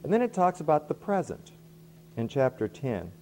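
A middle-aged man preaching with a mellow, relaxed tone. He is earnest and often doubles a word before going on. A faint hum sits under his voice. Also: a little high, normal speed. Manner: earnest, repeats words at starts of phrases. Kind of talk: sermon.

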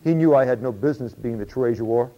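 Quick-paced and dark-toned, a mid-range male voice near everyday speech plays a former tax collector turned disciple. The dramatic first-person monologue comes across folksy, confiding and dryly humorous, though the recording is dull and lo-fi.

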